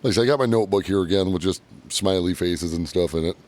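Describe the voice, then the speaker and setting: A man's voice: low-pitched, quick pace. A man from Michigan with a Michigan accent, co-hosting a casual garage-talk podcast and telling stories animatedly. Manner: animated storyteller, restarts sentences. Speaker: podcast co-host. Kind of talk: casual chat.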